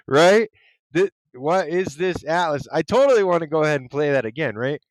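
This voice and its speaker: Male host, casual commentary, excitable and chatty; higher smooth voice, dry close recording. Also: fairly quick, no room sound. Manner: excitable, chatty, laughs often, fillers.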